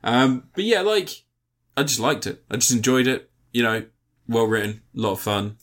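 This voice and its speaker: A man in easygoing podcast chat, his pitch sitting in a middle range for a man. He laughs a lot, swears casually and often leaves his sentences unfinished. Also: big pitch swings, normal speed, a bit bright. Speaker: podcast co-host.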